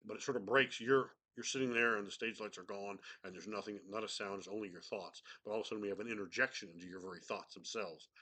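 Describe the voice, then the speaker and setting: A man's voice: fairly low pitch, fairly even intonation, quick pace, few pauses, bright, forceful tone. A man with a cold, a game master chatting casually and rambling, with many restarts. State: has a cold. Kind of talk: casual chat about tabletop games.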